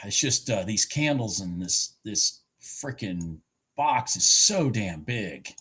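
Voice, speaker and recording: A man giving excited live commentary on futures trades, exclaiming and repeating himself, with a husky voice. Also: lowish voice, takes it slowly.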